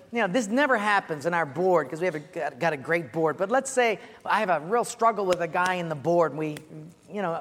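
A middle-aged male pastor preaching a sermon, animated and acting out comic stories. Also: a little high. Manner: animated storyteller, acts out voices. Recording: echoey church hall, faint ambience.

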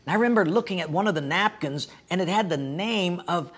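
Middle-aged pastor, male, slightly high husky voice, folksy sermon storyteller with a wry humor. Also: lively intonation, fairly quick, a bit bright. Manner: folksy, self-deprecating humor.

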